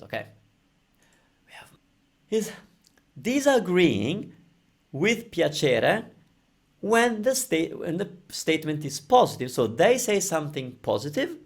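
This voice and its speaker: Animated male teacher, gravelly. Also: fairly high pitch. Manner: animated, repeats phrases slowly, frequent "okay?". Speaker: language teacher. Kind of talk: explaining lesson over slides.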